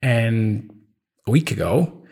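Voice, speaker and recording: A man in his thirties with an Italian accent, chatting casually as a podcast co-host, halting with many ums and restarts. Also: medium pitch, expressive, gravelly, a little mellow, slightly rough. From Italy. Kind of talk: casual chat.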